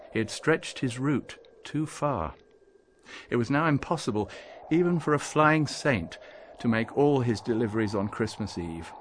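A man's voice: mid-range voice, slight background noise. Man reading an audiobook. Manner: measured, expressive storytelling. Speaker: audiobook narrator. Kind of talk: scripted narration.

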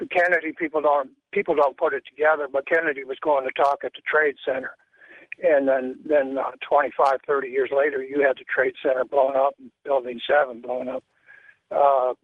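A man's voice: a little high, no echo. An older man calling in to a radio show, talking in a rambling, hesitant way and jumping between claims. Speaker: caller. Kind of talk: phone-in conversation. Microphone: telephone. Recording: muffled phone-in line.

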